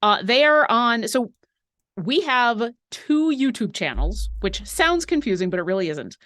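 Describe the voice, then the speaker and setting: A woman's voice: a little high, big pitch swings, fairly bright tone, no room sound, studio quality. A woman co-hosting a live painting stream, reading viewer questions and chatting in a rambling, talkative way. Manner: chatty and rambling, quick asides.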